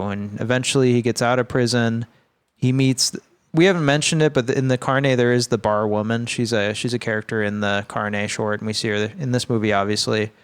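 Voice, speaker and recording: Smooth-voiced casual male podcast host. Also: mid-range voice. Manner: profane, rambling, laid-back. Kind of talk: casual chat recapping a film.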